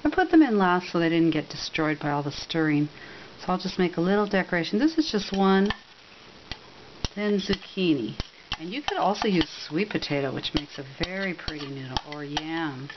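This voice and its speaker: A woman's voice: lowish voice, animated, normal speed, dull audio, noisy background. A woman giving a casual, rambling recipe demonstration, chatty, with frequent ums and self-corrections. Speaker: cooking demonstrator.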